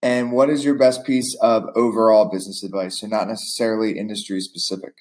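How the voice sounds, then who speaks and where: A man's voice: fairly low pitch, level tone, a little fast, darkish tone. Chill podcast host guy in his twenties, calls people dude, easygoing questions. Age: 20s. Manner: laid-back, says "dude". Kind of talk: casual interview talk.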